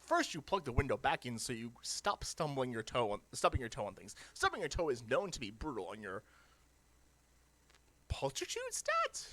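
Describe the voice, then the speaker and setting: A person reading a webcomic aloud with reactions, hammy and jokey, swinging between deadpan lines and shrill outbursts. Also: brisk, hardly any pauses. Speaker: reader of a webcomic.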